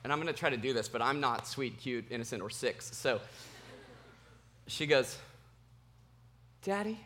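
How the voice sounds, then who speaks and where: A man preaching a sermon as pastor, telling a personal story in an animated, self-mocking way. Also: mid-range voice, quick pace, a little hiss or hum.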